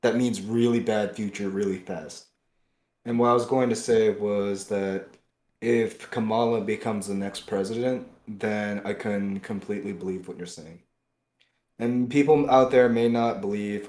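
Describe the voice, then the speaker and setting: A man's voice: on the low side, normal speed. Agitated man ranting, echoey room. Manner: agitated, swings between loud outbursts and muttering. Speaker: podcast co-host. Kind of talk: heated political rant.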